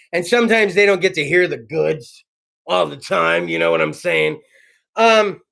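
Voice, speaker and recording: A man hosting a casual internet talk show, telling stories in a slangy, profane, animated way with sudden whoops. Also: high voice, creaky. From California.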